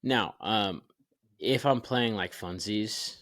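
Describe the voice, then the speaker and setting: A man's voice: lowish voice, slow, a bit bright, no room sound. A young man co-hosting a casual sports podcast over a video call, rambling with fillers and restarts. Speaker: podcast co-host.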